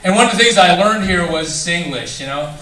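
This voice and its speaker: A man's voice: high voice, lively intonation, brisk, a little hiss or hum. A man with a Filipino accent doing stand-up comedy on a theatre stage, jokey and slipping into mock accents. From Philippines. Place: theatre stage before a live audience. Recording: distant echoey theatre recording with loud crowd.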